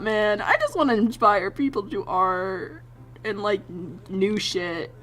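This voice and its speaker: A woman streamer chatting casually while she draws, excitable, laughing often and swearing freely. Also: mid-range voice, unhurried. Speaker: streamer and artist.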